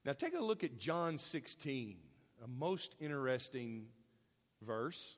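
Male pastor, sermon, animated and folksy, lively pitch, echoing hall. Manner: animated, folksy and self-deprecating with jokes.

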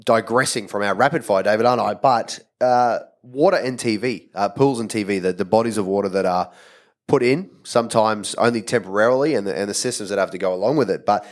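A man's voice: lowish voice, fairly quick. A young man co-hosting a podcast, chatting casually about industry news with rambling fillers. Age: young adult. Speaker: podcast co-host.

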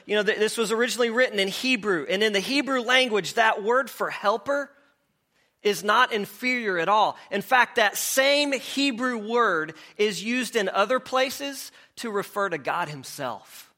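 A man preaching with a high, bright voice that sits well above most men's. He talks conversationally, restarting phrases and asking the room questions. It sounds like a pastor working through a message. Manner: conversational, asks the congregation questions, repeats words as he goes. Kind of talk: sermon.

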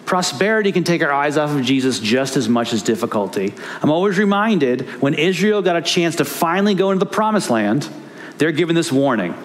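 A man's voice: on the high side, sing-song, brisk. A man preaching a sermon as pastor, earnest and emphatic, repeating key phrases for weight.

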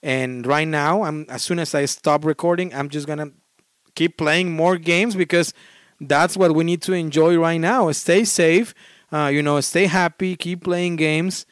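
A man's voice: a little high, fairly even intonation, unhurried, clean tone, dry recording, studio quality. A man hosting a casual solo board game podcast, talking in an enthusiastic, rambling way and often restarting and apologizing for his pronunciation.

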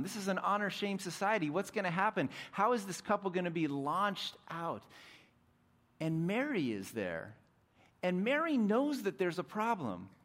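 A young adult man preaching a sermon as pastor, animated, dropping to soft intimate tones at times. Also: high-pitched.

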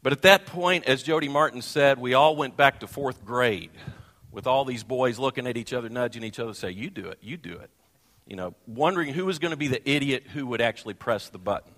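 A male pastor telling a funny personal story in a sermon, animated and self-deprecating. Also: medium pitch, a little fast. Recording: long hall reverb.

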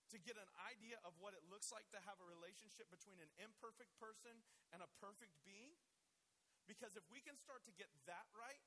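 A man preaches to a youth group, telling stories animatedly and breaking into voices. His voice sits high and bright. The sound carries a long hall reverb over a faint hiss. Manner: animated storytelling, acts out voices. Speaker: youth pastor.

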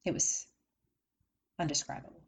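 A woman's voice: normal speed, poor audio. A woman telling her own life story as a candid monologue, repeating phrases and asking the listener rhetorical questions. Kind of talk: personal testimony monologue.

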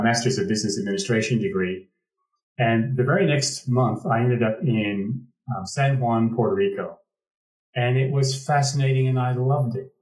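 A man's voice: mid-range voice, a little mellow, echoey room, distant mic, low-quality recording. An American man from the Pacific Northwest telling a reflective personal story, restarting phrases as he goes. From Pacific Northwest, United States. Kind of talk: conversational storytelling.

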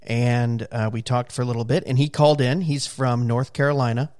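A man's voice: mid-range voice, fairly even intonation, moderate pace, darkish tone, dry recording, studio quality. A man hosting a podcast, introducing the episode in a loose, chatty way with fillers and asides. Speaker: podcast host.

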